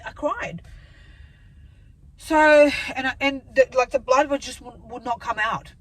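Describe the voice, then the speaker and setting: A woman's voice: high-pitched, moderate pace, poor audio. A woman in her thirties telling a rambling, emotional story straight to camera in a casual vlog update. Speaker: vlogger.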